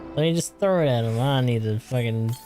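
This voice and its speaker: A man's voice: medium pitch, a little fast, over music. A man streaming a game, making casual, wry, crude asides and laughing at the characters. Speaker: gaming streamer. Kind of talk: casual gameplay commentary.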